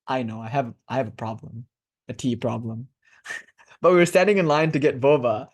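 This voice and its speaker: A man in his twenties giving a casual, joking lecture on devotional philosophy to a class, lively and prone to laughing digressions. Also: mid-range voice, normal speed. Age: 20s.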